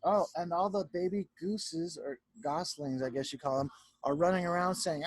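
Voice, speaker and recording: Lively man reading a picture book to kids. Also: a little high, moderate pace, dry recording. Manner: warm, animated storyteller who keeps checking in with the children. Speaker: teacher. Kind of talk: reading a picture book aloud to young children.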